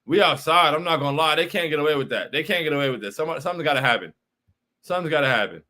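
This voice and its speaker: A man's voice: a little high, expressive, rapid-fire, bright, forceful tone. A young man hosting a postgame livestream, frustrated and repetitive, often saying bro while reacting to chat. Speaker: postgame show host.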